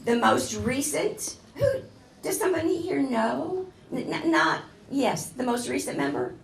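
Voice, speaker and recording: A woman's voice: high voice, sing-song, a little slow, creaky, a little hiss or hum. A woman guest lecturer giving an enthusiastic, digressive classroom talk, speaking straight to her audience. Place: lecture room. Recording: echoey room recording from a distance.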